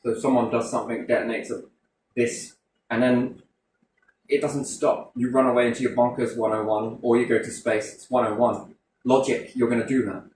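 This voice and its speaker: A man's voice: medium pitch, little pitch movement, moderate pace, darkish tone, a little hiss or hum. A man in casual chat, rambling, swearing a lot and asking himself rhetorical questions. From Britain. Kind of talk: casual conversational rant. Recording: roomy echo from a distant mic.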